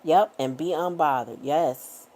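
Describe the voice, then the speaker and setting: A woman's voice: low-pitched, unhurried, a little mellow. A middle-aged woman giving blunt, profane motivational talk as a tarot reader, pressing her points with repeated affirmations. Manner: emphatic, repetitive affirmations. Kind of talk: casual motivational chat.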